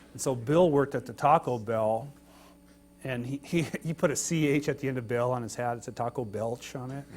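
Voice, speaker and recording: A man's voice: mid-range voice, a little hiss or hum. A man recalling his youth in an interview, rambling and laughing as he talks. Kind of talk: anecdotal storytelling interview.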